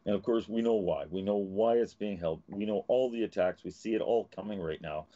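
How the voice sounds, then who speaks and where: A man's voice: lowish voice, fairly quick, mellow, highs cut off. A man hosting a live talk show from Canada, ranting and swearing as he gets angry. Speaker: host.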